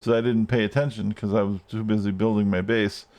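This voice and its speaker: A man's voice: fairly low pitch, flat delivery, brisk, darkish tone. A man streaming gameplay live, ranting and swearing at the game as he plays. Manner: frustrated, swearing, rants at the game.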